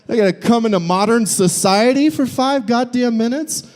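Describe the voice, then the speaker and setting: A young man performing a live stand-up set in a brewery, animated and jumping into squeaky voices for his bits. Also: normal speed. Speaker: stand-up comedian. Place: brewery comedy show.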